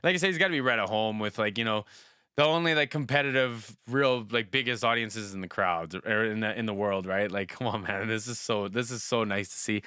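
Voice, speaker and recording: A man's voice: fairly low pitch, brisk, pushed and bright, smooth, no echo, clean studio sound. A man hosting a music reaction video, chatting casually and enthusiastically with a rambling flow of fillers.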